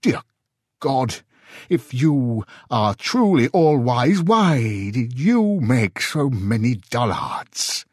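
A loud, haughty English scholar past fifty, stout and sharp-tongued, as a man reads him. His tone is exasperated, and the recording is dry and close. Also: mid-range voice, sing-song, drawn-out words, no room sound, voice pushed up, heavily acted.

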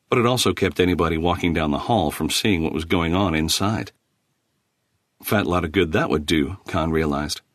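A man narrating a novel as an audiobook, in a wry, measured storytelling manner. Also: sits low, fairly bright tone, no room sound, clean studio sound.

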